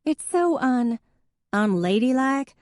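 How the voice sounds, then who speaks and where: A woman voicing a fussy, easily wounded older sister who sounds high, tearful and prim. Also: lively intonation, slow, a little mellow, no room sound, clean studio sound. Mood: prim, snappish.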